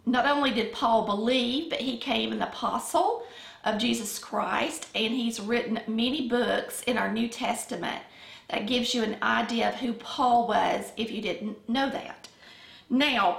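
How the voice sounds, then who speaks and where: Middle-aged Southern woman, relaxed Bible-study teacher, gravelly tone, echoey room sound. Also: a little high. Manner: conversational, unhurried, frequent ums. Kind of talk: casual Bible lesson.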